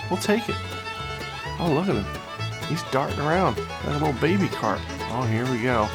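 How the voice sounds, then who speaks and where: A man with a slightly raised, gravelly voice hosts a gaming video, calling the action with excitable, joking trash talk. Game music plays clearly under him. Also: fairly high pitch. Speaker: gaming channel host. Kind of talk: casual gameplay commentary.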